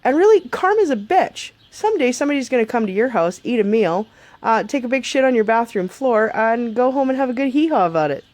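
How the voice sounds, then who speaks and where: A woman's voice: on the high side, lively intonation, fast, a little mellow, dry recording. A woman vlogger giving a blunt, sarcastic, profane advice rant to the camera. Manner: blunt, sarcastic, swears a lot.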